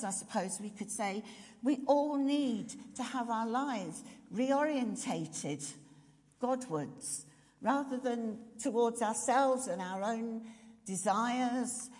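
Speaking slowly in a fairly high voice with a darkish tone, a woman delivers a reflective sermon and frequently asks her congregation questions. Her words ring with the long reverb of a big hall.

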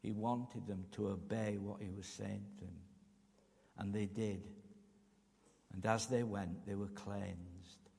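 Male preacher, unhurried and deliberate, deep gravelly tone, recorded in a reverberant hall. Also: fairly even intonation, dark tone. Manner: slow, measured preaching with emphatic pauses. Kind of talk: sermon.

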